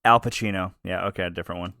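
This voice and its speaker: A man's voice: sits low, fairly even intonation, very fast, creaky, bright, forceful tone, no room sound, clean studio sound. A man co-hosting a podcast, chatting casually, joking and laughing often. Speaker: podcast co-host.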